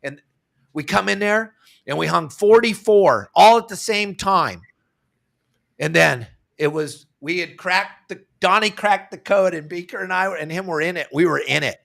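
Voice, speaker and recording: A middle-aged man and sportfishing captain, telling an excited fishing story and acting out the dialogue. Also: high-pitched, normal speed, gravelly. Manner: animated, acts out the dialogue.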